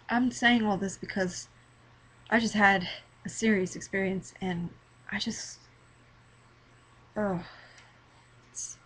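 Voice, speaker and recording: A teenage girl giving an earnest, halting personal testimony to her webcam, emotional and near tears, often repeating words. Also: mid-range voice, a little hiss or hum, low-quality recording. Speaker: vlogger. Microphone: webcam mic.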